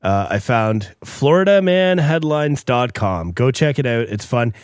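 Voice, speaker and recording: Male co-host, relaxed and jokey, dry close sound. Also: medium pitch, measured pace, clear, resonant tone, dry recording. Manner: relaxed, joking. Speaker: podcast co-host. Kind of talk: casual chat.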